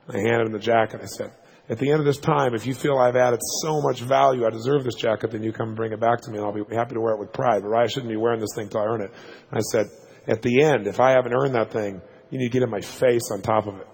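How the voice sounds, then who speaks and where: Motivational speaker, male: rapid, husky, gravelly delivery, emphatic storyteller. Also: medium pitch, rough recording. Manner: animated, emphatic storytelling with laughs. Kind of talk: storytelling seminar talk.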